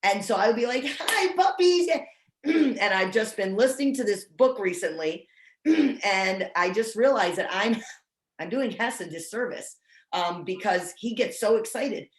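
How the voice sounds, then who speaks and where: A woman's voice: medium pitch, a little slow. Woman, dog trainer, casual video-call chat, roomy sound. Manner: chatty, self-deprecating, restarts often. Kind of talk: casual online training talk.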